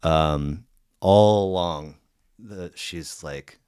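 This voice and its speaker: A man's voice: low voice, very slow, a little mellow, clear, resonant tone, no echo, studio quality. A man telling a long personal story in casual, profane podcast chat, full of fillers and restarts. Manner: profane, rambling, filler-heavy.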